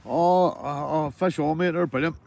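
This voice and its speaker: A man from Northern Ireland livestreams himself fishing, chatting casually with viewers in an easygoing, banter-filled way, swearing freely and calling everyone mate. His voice is on the high side with vocal fry and a darkish tone, at a normal speed.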